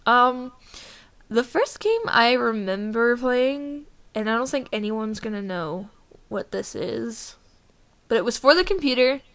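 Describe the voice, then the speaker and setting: Woman podcast co-host, slightly high, bright voice, casual and giggly, loose with swearing. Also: unhurried. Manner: laughs often, swears casually. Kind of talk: casual chat.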